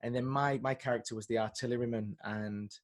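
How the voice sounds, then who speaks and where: A man, a guest chatting casually over a video call and telling animated stories. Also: medium pitch, fairly quick. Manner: chatty, animated storyteller, lots of fillers and restarts. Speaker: guest, singer and actor. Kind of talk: casual interview chat.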